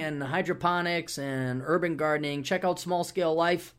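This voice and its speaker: A man hosting his own podcast, giving shout-outs and opinionated commentary in a rambling, casual way. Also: a little high, steady tone, normal speed, clean tone. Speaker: podcast host.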